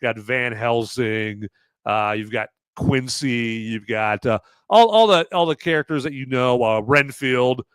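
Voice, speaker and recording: A man hosting a podcast, giving a casual, rambling movie review with animated asides. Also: medium pitch, measured pace, clean tone, no room sound, studio quality. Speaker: podcast host.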